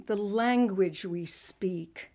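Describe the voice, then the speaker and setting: Hesitant slow-speaking woman poet. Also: mid-range voice, dark tone. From Texas, US. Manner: hesitant, many ums and pauses. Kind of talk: introducing a poem at a reading.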